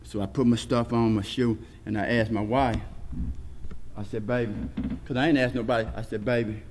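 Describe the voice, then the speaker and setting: A man telling his recovery story at a meeting, with rhythmic lists and swings between shouting and hushed talk. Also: mid-range voice, steady tone, normal speed. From Texas. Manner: preaching, rhythmic lists, shouts and laughs early, quiet and hushed later. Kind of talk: personal testimony at a speaker meeting. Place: meeting hall. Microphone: podium microphone. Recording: hall reverb, faint noise.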